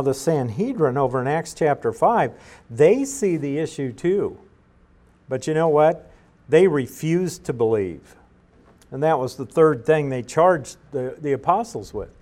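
A middle-aged man teaches from scripture at an unhurried, explanatory pace. His voice sits at an ordinary middle pitch, and he often pauses on fillers and restarts his sentences. He reads passages aloud and then walks through what they mean. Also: expressive, a little mellow. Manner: measured, explanatory, with frequent uhs and restarts. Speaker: Bible teacher. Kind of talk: verse-by-verse Bible teaching.

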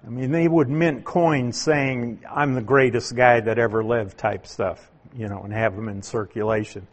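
A man preaching a sermon, teaching through a Bible passage in a slow, deliberate way with emphatic stresses. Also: medium pitch, steady tone. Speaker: pastor.

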